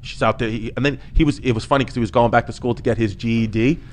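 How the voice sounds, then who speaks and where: Brief: male comedian, casual podcast storyteller, animated and profane, restarts a lot. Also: mid-range voice, quick pace, a little hiss or hum.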